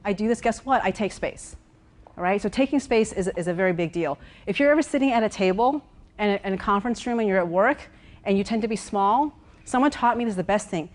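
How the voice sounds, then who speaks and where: A woman executive coach giving a lively workshop talk, walking around as she speaks, repeating words and checking in with her listeners. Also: medium pitch, quick pace. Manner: walks around while speaking.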